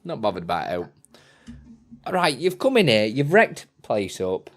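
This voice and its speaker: A man's voice: mid-range voice, wildly swooping pitch, normal speed. A man streaming from his home setup, chatting playfully into a desk microphone and slipping into baby talk with his son. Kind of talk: casual chat on stream.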